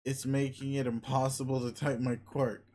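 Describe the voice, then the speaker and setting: A man's voice: mid-range voice, little pitch movement, normal speed, mellow, natural voice. A man reading a webcomic aloud, voicing a crude, arrogant young male alien who talks in a rude, bossy, foul-mouthed way. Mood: grumpy.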